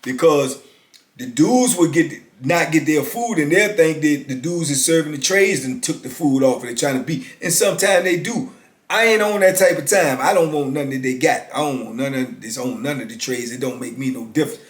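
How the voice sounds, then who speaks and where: Laid-back man in his fifties, roomy echo. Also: fairly high pitch. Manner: laid-back, drawn-out, peppers talk with "man". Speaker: former prisoner telling his story. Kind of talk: casual storytelling.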